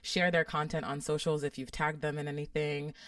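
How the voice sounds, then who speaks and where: A woman's voice: low-pitched, little pitch movement, fairly quick, a bit bright, dry recording, far from the mic. A woman co-hosting a podcast in casual chat, upbeat and teasing. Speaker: podcast co-host. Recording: dry, a bit off-mic.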